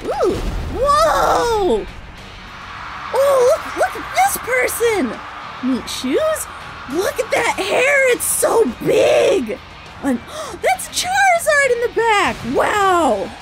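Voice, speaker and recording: A woman's voice: very high voice, full character voice. A woman voicing a cheerful little mouse girl hosting a kids' game let's play, gushing and gasping with delight. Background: game music.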